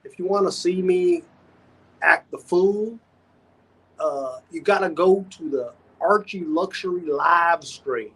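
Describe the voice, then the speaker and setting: A man's voice: high-pitched, slow pace, a bit bright, slightly rough, pitched above the performer's own voice, full character voice, low-quality recording. A man voicing a self-described mundane guy confessing his wild side on another stream. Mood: sheepish. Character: man named Ross, mundane guy with a channel.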